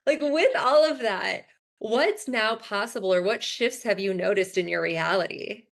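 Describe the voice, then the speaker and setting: A woman's voice: mid-range voice, measured pace, gravelly. A woman hosting an interview, asking encouraging questions in a casual way. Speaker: interview host.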